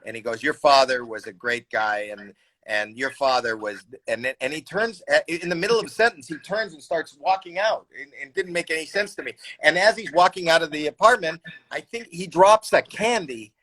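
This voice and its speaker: Animated man telling a story. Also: on the high side, a little fast, low-quality recording. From Canada. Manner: animated storyteller, shouts and voices people in anecdotes. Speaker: comedian guest. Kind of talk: casual storytelling chat. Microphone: video call.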